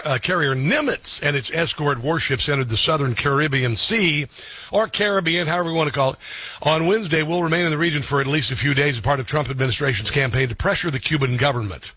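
Male talk radio host, husky and dry, blunt opinions, halting delivery with lots of fillers. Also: on the high side, no echo, dull audio. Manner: blunt, opinionated, many ums and restarts. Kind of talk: political talk radio commentary.

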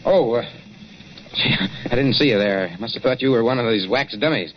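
An actor voices a brisk newspaper reporter in a vintage radio drama, direct and inquisitive. His voice sits at a middle pitch. The recording is muffled, with a faint hiss behind it. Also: lightly acted. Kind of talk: 1940s radio acting.

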